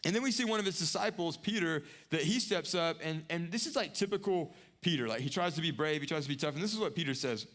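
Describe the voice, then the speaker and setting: A young adult man preaching a sermon earnestly, repeating phrases, rising to emphatic peaks and dropping to hushed lows. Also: lively intonation, quick pace, few pauses. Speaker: pastor.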